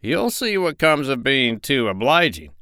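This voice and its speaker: A man's voice: mid-range voice, sing-song, measured pace, sharp tone, clean tone, dry recording, clean studio sound, voice pushed up, heavily acted. A man voicing a smug male pelican in a storybook, drawn out and scolding.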